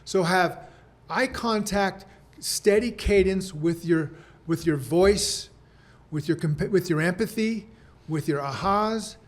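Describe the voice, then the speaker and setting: A man's voice: high-pitched, slow pace. Earnest man coaching with repeated points. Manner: earnest, repeats key points, acts out sample client talk. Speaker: guest sales coach. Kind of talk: podcast conversation.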